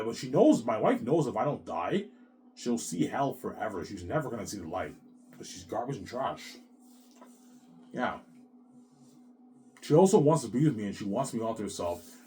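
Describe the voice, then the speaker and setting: Deep-voiced man in an agitated ramble. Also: animated, moderate pace, pauses often, mellow, slight background noise. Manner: agitated, repetitive, swears often, keeps adding "man". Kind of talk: rambling emotional monologue.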